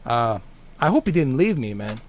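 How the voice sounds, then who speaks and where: A man's voice: medium pitch, sing-song, moderate pace. A man hosting a gaming channel, chatting in a casual, rambling way and swearing freely.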